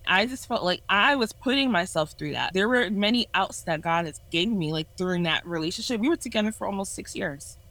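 A young woman in her twenties tells her personal testimony in a candid, earnest voice. She sits at a middle pitch and reflects openly. The sound is dry and close to the mic. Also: lively intonation, brisk, few pauses, a bit bright, no echo, low-quality recording. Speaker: ministry leader sharing a testimony.

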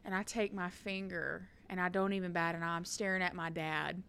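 A woman, co-hosting a podcast and telling stories in a casual, animated way, laughing and building to loud peaks. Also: on the low side, brisk, creaky, clean tone. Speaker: podcast co-host. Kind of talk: casual storytelling chat.

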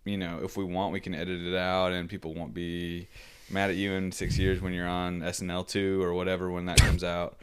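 A man co-hosting a casual comedy podcast, teasing his friends in deadpan banter. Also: low voice, brisk, smooth. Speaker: podcast co-host.

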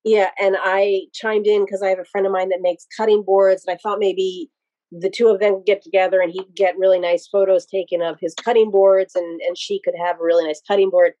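A woman's voice: mid-range voice, little pitch movement, fairly quick, warm tone, no room sound, lo-fi sound. A woman from Pennsylvania, a podcast guest, telling casual stories in a rambling, digressive way with many restarts. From Pennsylvania, USA. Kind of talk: casual interview storytelling.

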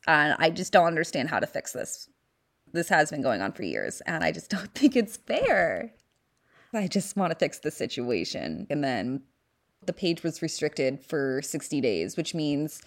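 A woman's voice: deep voice, very animated, moderate pace. A young woman from the San Fernando Valley with a Valley Girl accent, hosting a podcast in casual, candid, profane chat. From San Fernando Valley, California. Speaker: podcast host.

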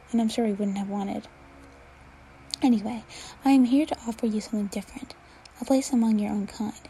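Woman reading Dumbledore, a gentle old wizard. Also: medium pitch, vocal fry, slight background noise, lightly acted, poor audio. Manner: gentle, calm, patient. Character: kindly old male wizard headmaster.

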